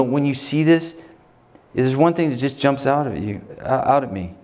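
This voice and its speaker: This American pastor's sermon feels like a conversation, moving from emphatic, loud passages to quiet, hushed quotations, all spoken in a mid-range voice.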